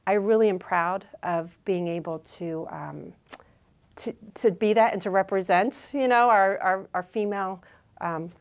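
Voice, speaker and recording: A woman being interviewed as a business executive, telling stories in a lively conversational way, often restarting and adding fillers. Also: mid-range voice, unhurried. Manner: animated, acts out quoted dialogue, many fillers and restarts. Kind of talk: conversational storytelling.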